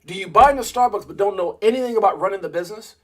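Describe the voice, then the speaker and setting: Hosting a casual crypto livestream, a man rambles, restarts often, and speaks straight to his viewers, calling them "guys." His voice is high with lively intonation, and he talks at a rapid-fire clip.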